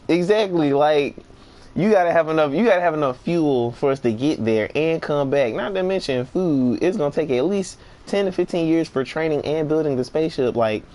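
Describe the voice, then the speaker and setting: A young man casually telling a funny work story while playing a game, animated and laughing, acting out the people he quotes. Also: a little high, normal speed. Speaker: gaming streamer.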